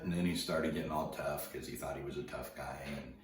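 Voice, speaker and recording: A man's voice: very deep voice, brisk, a little hiss or hum. A middle-aged man casually telling a story in laid-back surfer slang, acting out the dialogue. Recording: roomy, distant mic, faint ambience.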